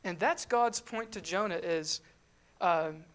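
A woman's voice: lowish voice, slow pace, fairly bright tone. Woman preaching in a conversational sermon. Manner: conversational preaching with rhetorical questions and emphatic asides.

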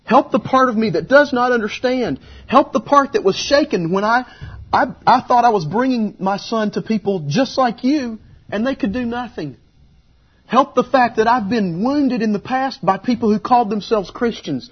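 A desperate, pleading father, put on by a preacher pours out his plea in a raised, husky voice. The sound is dull and lo-fi, like an old sermon tape. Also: sits high, animated, measured pace, voice pushed up, full character voice. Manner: raw, pleading, rising intensity.

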